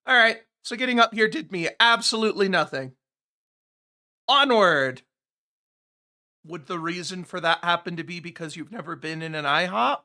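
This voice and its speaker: A bright, fairly high-voiced man talking to his audience during a gameplay livestream. He rambles casually and slides into sarcastic, exasperated grumbling, with his pitch climbing when something annoys him. It sounds like a desk mic at a home streaming setup. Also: normal speed, pauses often. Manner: chatty, sarcastic, exasperated complaining about the game.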